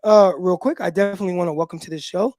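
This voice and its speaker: A man's voice: high voice, racing, no echo, clean studio sound. Man telling stories animatedly on a livestream. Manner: animated storytelling with laughs. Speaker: podcast host and former football player. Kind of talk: casual livestream chat. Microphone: phone.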